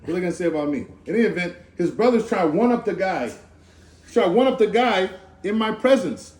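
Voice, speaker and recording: Animated man preaching in an echoey room. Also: high-pitched, fast talker. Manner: animated, conversational, slangy with asides. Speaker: speaker giving a Torah talk. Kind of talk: informal sermon. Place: Sukkot gathering in a room.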